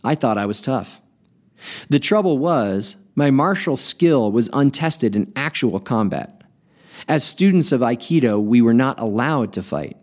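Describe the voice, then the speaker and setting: A podcast host reading a story aloud in an expressive storytelling manner. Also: male voice, mid-range voice, unhurried.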